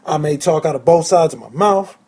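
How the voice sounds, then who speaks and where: A man hosting a solo sports fan podcast, his voice pitched a little high yet mellow and soft-edged. He talks with keen excitement and heavy emphasis, often repeating a phrase to drive it home. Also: brisk, husky. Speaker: podcast host.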